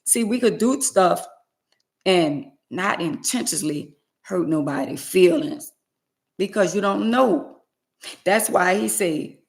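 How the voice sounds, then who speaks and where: A woman's voice: medium pitch, creaky. A woman talking straight to her viewers in a casual monologue, plain-spoken and emphatic, repeating her points. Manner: plain-spoken, uses y'all. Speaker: vlogger.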